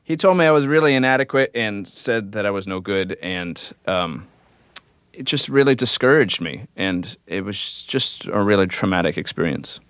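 A man with a very low, smooth and resonant voice talks through his answers in a radio studio. He muses without hurry and drifts through plenty of "uh"s and "um"s. The sound is close and dry, with no room around it. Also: lively intonation, a bit bright, no room sound. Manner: thoughtful, unhurried, with frequent fillers. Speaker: musician guest. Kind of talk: relaxed radio interview answers.

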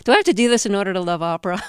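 A woman hosting an interview, curious and quick to laugh. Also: medium pitch, clear, resonant tone, dry recording, studio quality. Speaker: radio interviewer. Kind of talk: casual interview.

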